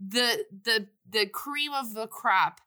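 Giggly bright-voiced woman host. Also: fairly high pitch, slow pace, smooth. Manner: giggly, jokey, acts out quotes. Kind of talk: casual chat reviewing a movie.

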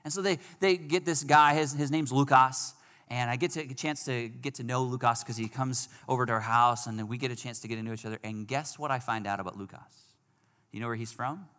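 A man preaching, telling a personal story with animated swings between loud outbursts and hushed moments. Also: mid-range voice, brisk. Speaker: pastor. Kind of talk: sermon storytelling. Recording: long hall reverb.

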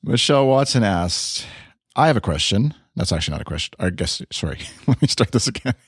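Man, podcast host, reads questions, easygoing, lowish voice, dry sound. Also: very animated, brisk, breathy edge, dry recording. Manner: easygoing, laughs at his own slips. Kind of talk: casual podcast hosting.

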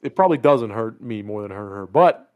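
A man's voice: on the low side, fairly quick, phone-quality sound. A man co-hosting a casual gaming podcast, telling stories with lots of swearing and voiced quotes. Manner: profane, animated storytelling with voiced quotes. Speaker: podcast co-host.

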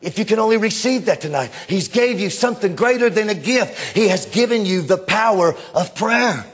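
A male preacher delivering an animated sermon that swings between hushed and shouted lines. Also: high-pitched, moderate pace, slightly rough.

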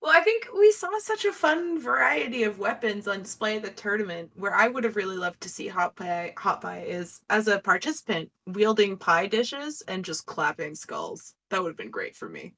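A woman co-hosting a podcast, chatting in a relaxed, thoughtful way and laughing easily. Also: medium pitch, normal speed, few pauses, far from the mic. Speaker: podcast co-host. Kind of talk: casual podcast chat.

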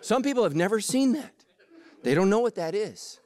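A man preaching a sermon, animated and jokey, acting out the story's voices. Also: high voice, moderate pace. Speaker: pastor.

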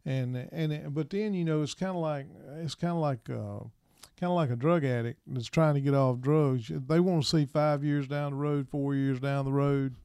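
A middle-aged man and minister, telling his personal story in an interview in a soft, halting way, with many pauses and restarts. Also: fairly high pitch, smooth, dry recording.

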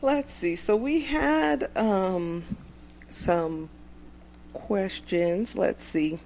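A woman's voice: mid-range voice, extremely slow, darkish tone, slight background noise, poor audio. A woman co-hosting a podcast, chatting casually and chiming in on her partner's story. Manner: chatty, interjects and laughs along. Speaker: podcast co-host. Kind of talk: casual chat.

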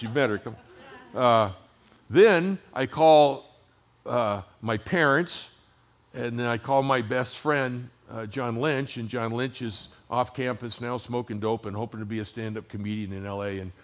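Speaking a little slowly in a mid-range voice, a sixty-something pastor gives his sermon like a conversational story, his delivery dipping into hushed tones and climbing once more.

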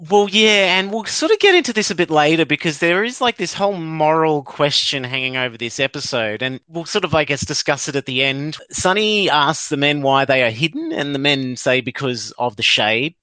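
A man's voice: fairly high pitch, expressive, normal speed, few pauses, sharp tone, smooth, dry recording. A man hosts a casual chat, recapping an episode in a rambling way and chuckling as he goes. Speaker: podcast host.

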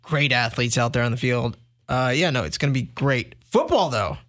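A man's voice: medium pitch, animated, normal speed, fairly bright tone. A man co-hosting a sports talk show, chatting casually and teasing his co-hosts playfully.

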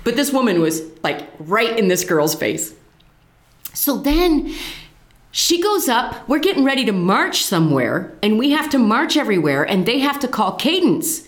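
An older woman, a former Marine, telling stories from her service in an animated, laughing conversational way. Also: on the high side, moderate pace, echoey room. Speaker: veteran telling her story. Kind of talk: casual storytelling chat.

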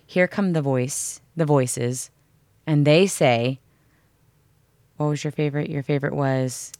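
Woman, low voice, frank and profane, casual coaching talk, dry close sound. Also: a little slow, a little mellow, dry recording. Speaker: podcast co-host.

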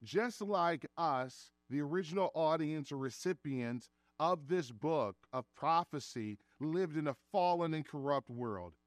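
A man's voice: a little high, expressive, dry recording, studio quality. Earnest man preaching a sermon. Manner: earnest preaching, slows for emphasis. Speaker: pastor. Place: church sanctuary.

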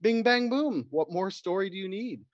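A man's voice: sits high, animated, moderate pace. A man, co-hosting a podcast in casual banter and spinning crude, joking stories. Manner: crude, joking storyteller who puts on voices. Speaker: podcast co-host. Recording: dry, dull lo-fi sound.

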